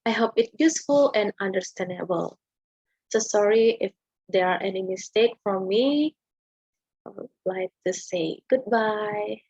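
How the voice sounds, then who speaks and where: A woman's voice: mid-range voice, measured pace, darkish tone, breathy edge, no echo. A young woman with an Indonesian accent giving a class presentation on a poem, hesitant, with many fillers and tag questions. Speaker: student presenter. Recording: dull lo-fi home recording.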